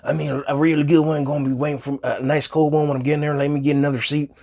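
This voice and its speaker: A man's voice: fairly high pitch, level tone, very fast, darkish tone. A man doing a mumbling, nervous passenger. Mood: mocking. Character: nervous male airline passenger, mocked.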